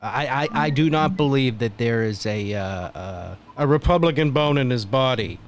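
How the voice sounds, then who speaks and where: A man's voice: mid-range voice, animated, normal speed. A man hosting a casual livestream as a broadcaster, rambling with frequent laughter and trailing restarts. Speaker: host, broadcaster. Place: home studio.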